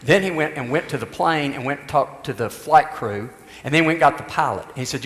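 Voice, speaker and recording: A man's voice: a little high, a little fast, a bit bright. A man preaching a sermon, telling a story loosely with restarts and asides. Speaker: pastor. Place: church. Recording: echoey church hall with long reverb.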